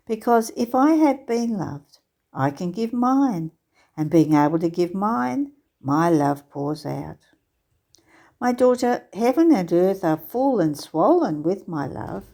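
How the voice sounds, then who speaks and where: A woman reading a devotional text aloud in a slow, measured, tender recitation. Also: medium pitch, warm tone. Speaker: devotional reader. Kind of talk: scripture-style devotional reading.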